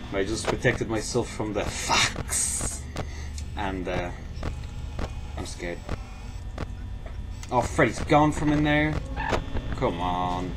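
A young man with an excitable manner and dry, self-mocking humor, commenting live on a horror game and yelping in alarm when he is caught. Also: noisy background. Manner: excitable, jumps to high-pitched shouts when scared. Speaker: gaming channel host. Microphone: facecam headset or desk mic. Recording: game music heard behind the voice.

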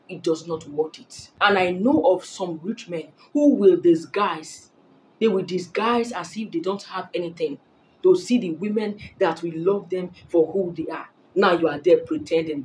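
A woman's voice: lowish voice, a little mellow, a little hiss or hum, poor audio. Emphatic woman giving blunt dating advice. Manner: emphatic, preachy, repeats phrases for emphasis. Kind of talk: direct-to-camera advice talk.

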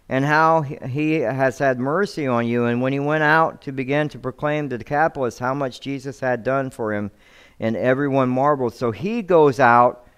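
A man preaching a sermon as pastor, his voice smooth and resonant at an ordinary middle pitch. He reads scripture aloud and often stumbles into repeated words while restarting his thoughts. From United States.

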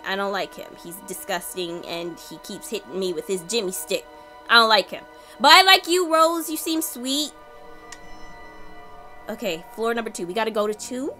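A high, bright-voiced woman commentates as she plays a horror game. She gets loudly excited and chats with the characters, then drops to near-whispers when she gets nervous. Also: a little slow, soft background music. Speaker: gaming channel host.

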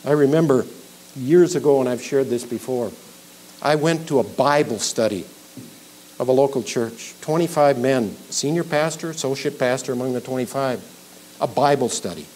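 A middle-aged male pastor preaching an expository sermon, emphatic, building to loud peaks on key points. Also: medium pitch, moderate pace, a little hiss or hum, low-quality recording. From Minnesota.

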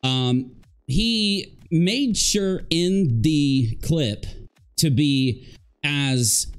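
A man live streaming commentary, lively and emphatic, who repeats himself for stress. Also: on the high side.

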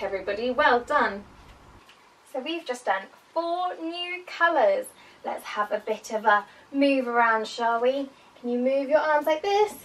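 A woman's voice: on the high side, far from the mic, slight background noise, rough recording. A woman teaching a children's language lesson, encouraging and sing-song, with playful praise.

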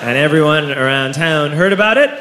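Animated male stand-up comic, roomy venue. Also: fairly high pitch, normal speed. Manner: animated, shouting punchlines over audience laughter. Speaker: stand-up comedian. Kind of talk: stand-up storytelling. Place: live comedy venue with an audience. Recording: roomy live recording with crowd laughter and noise.

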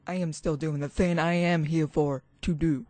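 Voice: medium pitch, fairly even intonation, normal speed, darkish tone, dry recording. A spiritual vlogger ranting alone into a computer mic, agitated and rambling, restarting sentences and swearing. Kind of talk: ranting vlog monologue.

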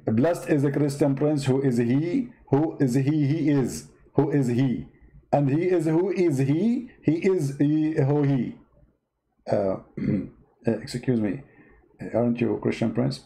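A man's voice: mid-range voice, takes it slowly, mellow, rough recording. A man from the East, hosting comedic religious commentary in a sarcastic, mock-bewildered way. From Middle East. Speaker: host.

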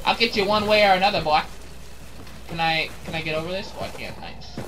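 Excitable young man swearing through gameplay. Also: fairly high pitch, fairly quick, noisy background. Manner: excitable, swears and shouts at enemies. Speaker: gaming channel host. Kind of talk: casual gameplay commentary.

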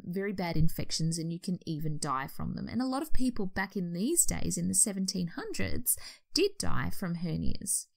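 A woman's voice: mid-range voice, vocal fry. An Australian woman, a nurse educator, explaining a history topic in an informal way, correcting herself as she goes. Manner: explanatory, with restarts and self-corrections.

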